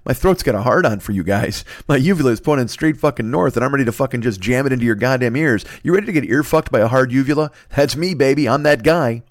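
A man's voice: mid-range voice, animated, fast, hardly any pauses, no echo. A man in his forties from the United States hosting a comedic solo podcast, rambling and swearing with self-mocking humor. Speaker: podcast host.

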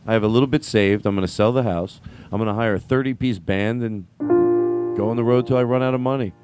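A man chatting in a loose, deadpan comedic way, often trailing off into mumbles. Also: medium pitch, quick pace, over music. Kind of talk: casual comedic chat.

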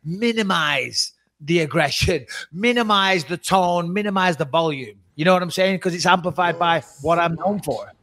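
A man in his forties, a former cage fighter, co-hosting a casual chat and talking fast and loud in a charged-up way, swearing freely. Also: sits high. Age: 40s. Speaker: podcast co-host, former champion cage fighter.

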